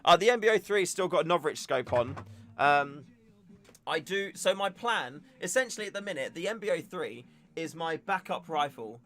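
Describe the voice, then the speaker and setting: A man's voice: fairly high pitch, animated, normal speed, a bit bright. A young man hosting a casual livestream, chatting and joking in a rambling way. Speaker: livestream host. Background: faint music.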